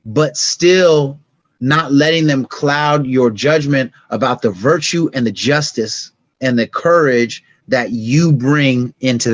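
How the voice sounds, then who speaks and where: Speaking with a medium pitch, this middle-aged man is a guest on a podcast, swapping stories in casual talk. He acts scenes out with sound effects and softens into reflection on emotional points. The audio is dry with no room sound, and the high frequencies are cut off.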